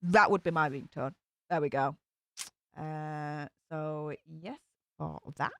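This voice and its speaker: Yorkshire woman rambling at her stream chat, smooth voice, dead dry sound. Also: low voice, slow pace, no room sound. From Northern England. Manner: rambling, laughing, many fillers and restarts. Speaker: YouTube commentator reading live chat. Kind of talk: casual live-stream chat.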